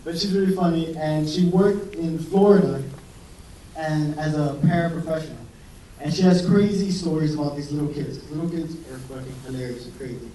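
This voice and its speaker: A young man, a medical student, does a rambling, profane stand-up set for a live audience at a comedy venue, telling self-deprecating stories. His voice is fairly high, brisk and dark-toned, with a slight hiss or hum. The recording is roomy and distant, and the crowd can be heard laughing.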